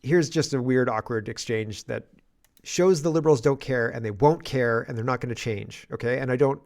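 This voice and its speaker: A man's voice: mid-range voice, moderate pace, darkish tone. A man hosting a political commentary stream, talking in a rambling, exasperated and sarcastic way.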